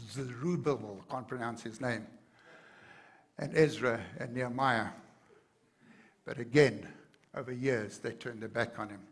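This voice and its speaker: A man's voice: mid-range voice, fairly bright tone, slightly rough. A man preaching a sermon to his congregation, earnest and building to fervent emphasis. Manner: addresses the congregation directly. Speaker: pastor.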